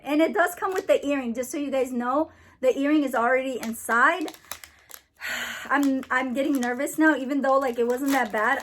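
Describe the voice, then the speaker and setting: High-voiced chatty woman vlogger. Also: fairly bright tone. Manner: nervous, chatty, self-encouraging. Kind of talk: casual vlog.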